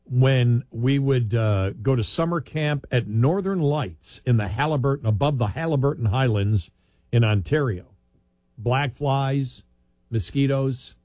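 A man's voice: mid-range voice, unhurried, warm tone, no echo. A man hosting a casual chat, telling long, rambling stories and laughing often.

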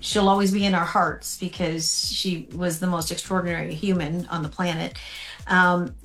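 A woman tribute performer answering interview questions over a remote call, earnest and halting, with many restarts. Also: lowish voice, little pitch movement, fairly bright tone, soft background music.

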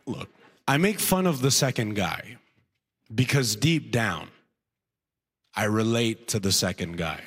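A young man telling a stand-up comedy story, animated and full of rhetorical asides. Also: fairly low pitch, measured pace, long pauses. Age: young adult. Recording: long hall reverb.

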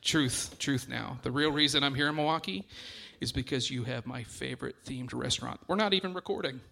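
A man's voice: medium pitch, brisk, gravelly, sharp tone, slight background noise. A man doing stand-up comedy, talking casually with the crowd. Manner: chatty crowd work. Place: comedy club stage with audience.

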